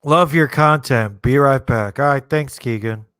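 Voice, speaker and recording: A man's voice: medium pitch, unhurried, fairly bright tone, smooth, no echo, studio quality. A man casually commenting on a movie as a streamer, laid-back and rambling, thinking aloud with lots of fillers. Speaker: streamer hosting a movie watchalong.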